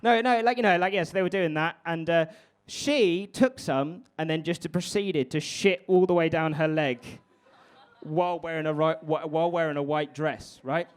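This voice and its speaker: Young man, stand-up comedian, brash and sweary, chats with the crowd, slightly high voice. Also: moderate pace, smooth. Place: live comedy venue with an audience.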